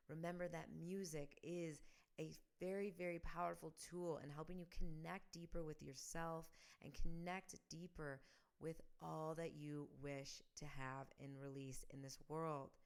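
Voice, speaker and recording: Woman, podcast host, low smooth voice, upbeat and encouraging. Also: fairly even intonation, a little slow. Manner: enthusiastic, affirming, leads listeners in repeated affirmations. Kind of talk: spiritual podcast talk.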